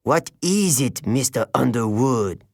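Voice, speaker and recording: A man voicing a stern, hawkish tall male teacher with a French accent, speaking coldly and commanding, unhurried. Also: medium pitch, lively intonation, no room sound, studio quality. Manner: cold and commanding.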